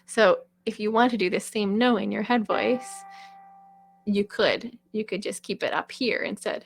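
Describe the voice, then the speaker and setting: Gravelly-voiced woman voice teacher. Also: mid-range voice, moderate pace. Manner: chatty, demonstrates with sung and called-out examples. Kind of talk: casual vocal lesson.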